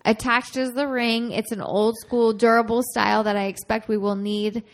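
Woman, podcast co-host, gravelly, slow careful reading, teasing. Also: fairly high pitch, steady tone. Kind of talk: casual chat, reading a listener email aloud.

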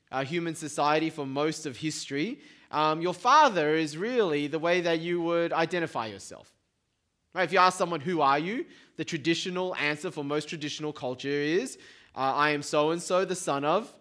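A man preaching a sermon in a lively, conversational way, asking the congregation to repeat words after him. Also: on the high side. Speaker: pastor.

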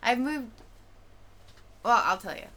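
A woman's voice: fairly high pitch, lively intonation, slow pace, sharp tone, soft background music. A young woman hosting a casual chat, joking and laughing often as she talks. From Middletown, New York.

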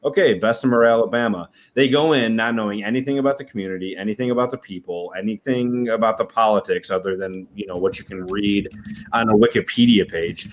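A man's voice: on the low side, a little fast, slight background noise. A man in a casual podcast chat, talking in a heated, emphatic way and swearing freely.

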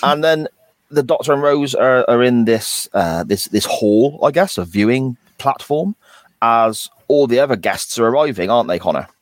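A man's voice: medium pitch, lively intonation, moderate pace, dry recording. A man, co-hosting a casual podcast chat in a rambling way. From England. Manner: rambling, restarts sentences. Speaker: podcast co-host.

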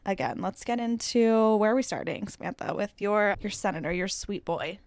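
A woman's voice: medium pitch, normal speed, a little mellow, no echo. A young American woman co-hosting a casual news podcast, chatty and full of "like". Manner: chatty, lots of "like". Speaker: podcast co-host.

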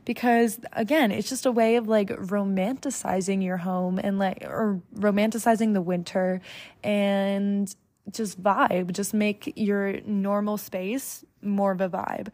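A woman's voice: mid-range voice, a little mellow. A young woman from the United States hosting a solo podcast in a casual, chatty way, full of fillers and self-corrections. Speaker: podcast host.

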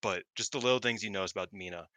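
Guy on a podcast, kinda low but super bright voice, rambles and swears a lot. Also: rapid-fire, no room sound. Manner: rambling, profane, lots of fillers. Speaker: podcast co-host. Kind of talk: casual chat about pro wrestling.

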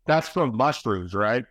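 A man's voice: mid-range voice, fairly bright tone, no echo. Profane rambling man telling a story. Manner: rambling, peppered with swearing and "right?", "bro". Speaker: podcast guest.

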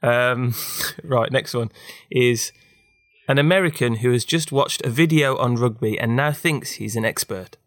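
Brief: young podcast host, skeptical and sweary, dry close sound. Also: male voice, mid-range voice, measured pace, fairly bright tone, no room sound. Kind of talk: casual chat.

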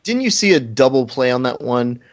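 A man's voice: mid-range voice, sing-song, a little fast, highs cut off. Jokey man riffing on a podcast. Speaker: podcast host. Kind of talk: casual chat.

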